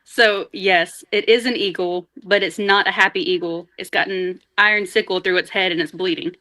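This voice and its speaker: A woman guest on a chat show, telling family stories in a casual, animated way and laughing often. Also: medium pitch, moderate pace. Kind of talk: casual storytelling.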